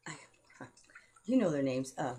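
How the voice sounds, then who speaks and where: A woman's voice: low-pitched, sing-song, unhurried, dark tone, breathy edge. A woman telling a rambling personal story to camera, blunt and profane, heated as she goes.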